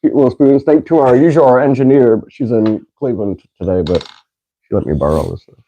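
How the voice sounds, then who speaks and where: A man's voice: mid-range voice, brisk, dark tone, dull audio, slight background noise. A man hosting a casual podcast, doing a food taste challenge, laughing often and swearing casually. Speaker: podcast host.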